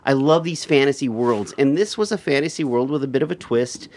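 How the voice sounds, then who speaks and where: A man's voice: medium pitch, fairly quick, a little mellow, slight background noise. A man hosting a podcast, chatting casually and enthusiastically, often restarting his sentences. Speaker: podcast host. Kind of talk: casual chat.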